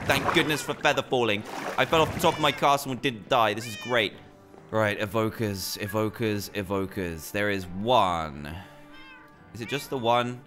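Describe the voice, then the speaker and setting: A young British man giving excitable commentary while playing a game. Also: lowish voice, moderate pace, soft background music. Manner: excitable, animated reactions. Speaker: gaming YouTuber. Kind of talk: gameplay commentary.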